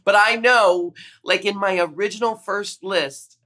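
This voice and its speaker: A woman's voice: medium pitch, a little slow, bright, forceful tone. A woman hosting a podcast, chatting casually with her guest and laughing often. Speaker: podcast host. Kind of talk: casual interview chat.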